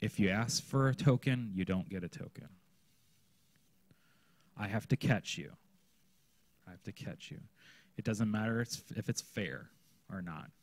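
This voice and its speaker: A man's voice: lowish voice, a little slow, long pauses, no room sound. A man, a children's pastor, teaching a workshop session in a conversational way, often checking in with his listeners. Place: conference room.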